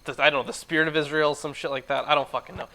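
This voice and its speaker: Bright-toned laid-back male co-host. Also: a little high, flat delivery, rapid-fire. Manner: laid-back, laughs often, swears casually. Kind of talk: casual group discussion.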